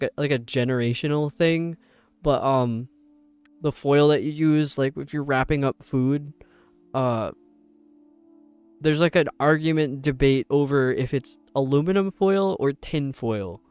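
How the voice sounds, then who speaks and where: A young man with a strong New York accent rambles on a live game stream, full of "like" and "um". His voice sits a touch high and sounds smooth and clear. It is recorded close and dry, with faint game music underneath. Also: unhurried, darkish tone, no echo. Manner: rambling and chatty, with frequent fillers. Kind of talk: casual chat while gaming.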